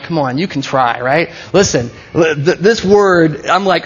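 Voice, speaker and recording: A man preaching in a loose, conversational style, breaking off and restarting his sentences. His voice sits a little on the high side, and the recording sounds somewhat dull and lo-fi. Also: expressive, a little slow, few pauses, slightly rough. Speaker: pastor. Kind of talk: sermon.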